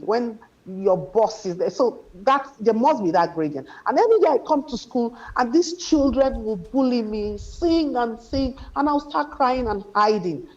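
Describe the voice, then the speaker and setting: A woman from Nigeria, an author guest, telling a story from her childhood in an interview. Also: fairly high pitch. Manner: reflective, quotes her father warmly in a raised voice. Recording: dull lo-fi sound.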